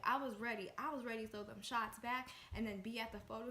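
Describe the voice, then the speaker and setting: A young woman from the Washington, D.C. area telling a storytime vlog, excitable and chatty, with lots of fillers. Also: on the high side, fast talker, few pauses. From Washington, D.C. area, USA. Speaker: vlogger. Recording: echoey room with faint noise.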